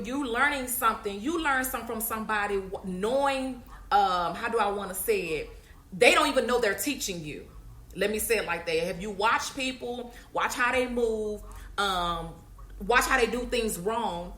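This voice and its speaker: A woman gives a casual faith talk on her podcast, speaking directly to her listeners in a chatty, preachy way. Her voice is bright and forceful. The recording is roomy and echoey, with a faint hum underneath. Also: mid-range voice. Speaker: podcast host.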